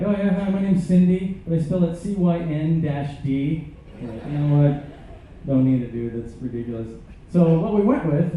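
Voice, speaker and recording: This time the comedian-musician's voice is medium-pitched, with a little hiss or hum in the background. He's doing stand-up in a large ship theater, delivering absurd jokes with hesitant fillers, heard through his stage mic via a far-off camera that makes it sound echoey, distant and tinny.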